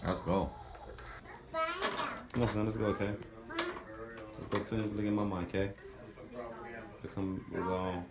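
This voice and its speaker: A man's voice: low-pitched, level tone, normal speed, long pauses, heavy background noise. A man vlogging with his young son, talking in a playful, teasing way and coaxing the boy along. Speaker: vlogger dad. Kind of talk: casual family vlog chat.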